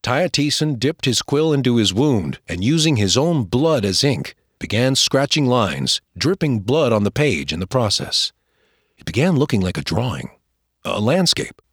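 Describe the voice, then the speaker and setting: Husky-voiced man reading a story aloud. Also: medium pitch, normal speed, no echo, clean studio sound. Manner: expressive, shifting voices for characters. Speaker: audiobook narrator. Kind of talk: first-person storybook narration.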